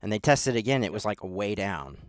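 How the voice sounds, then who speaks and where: A man's voice: fairly low pitch, animated, fairly quick, no room sound, clean studio sound. A man hosting a podcast in casual chat, rambling and self-deprecating, with lots of fillers. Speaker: podcast host.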